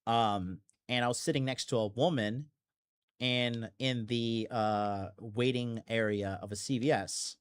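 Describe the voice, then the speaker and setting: A man's voice: mid-range voice, steady tone, measured pace, smooth. A man hosting a podcast in a blunt, profane, rambling monologue full of fillers and restarts. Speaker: podcast host. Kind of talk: casual monologue.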